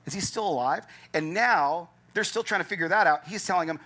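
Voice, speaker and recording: A man's voice: a little high, fairly quick, hardly any pauses. A man preaching a sermon as pastor, emphatic and conversational, acting out his listeners' doubts. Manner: animated, acts out doubting listeners' thoughts.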